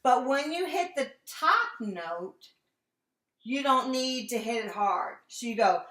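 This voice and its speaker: Woman voice teacher, high bright voice, slow and patient, echoey room over a video call. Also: animated, noisy background. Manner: demonstrates lines by singing them. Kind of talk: online singing lesson.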